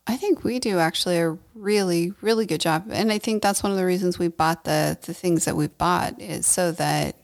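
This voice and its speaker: A woman's voice: fairly low pitch, moderate pace, vocal fry, few pauses. A woman co-hosting a podcast, chatting casually and agreeably, often chiming in with short replies. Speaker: podcast co-host. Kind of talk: casual chat.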